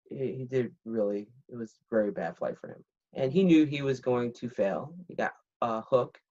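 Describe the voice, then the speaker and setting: This woman in her fifties, a retired military pilot, tells a story candidly on a podcast, acting out the dialogue in a blunt, animated way. Her pitch is extremely low and her speed normal. It's casual interview storytelling, and the recording sounds slightly muffled and dull.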